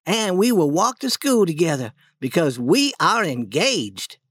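A woman's voice: lowish voice, unhurried, husky, no echo, exaggerated voice. Lady doing a pushy little schoolboy from a storybook, bouncy voice, dry sound. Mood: eager. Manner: lively, coaxing. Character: eager young schoolboy, bold and boastful. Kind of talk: storybook reading.

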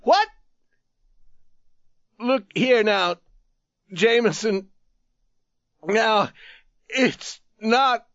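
A man voicing a wounded, tattered soldier who talks in a halting, pleading way and repeats himself. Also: medium pitch, lively intonation, slightly rough, dry recording, muffled recording.

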